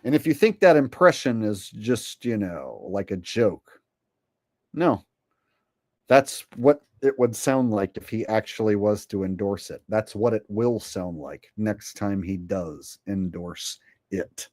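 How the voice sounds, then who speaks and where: A man's voice: on the low side, expressive, takes it slowly, a little mellow, no echo, studio quality. A man hosting a commentary vlog and reading viewer donations, with a rambling, sarcastic and profane way of talking.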